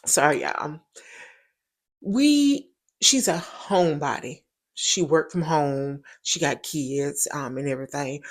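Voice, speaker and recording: A woman's voice: deep voice, expressive, takes it slowly. A woman, hosting a show and telling a personal story in a casual, emphatic way, often repeating her points for stress. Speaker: show host.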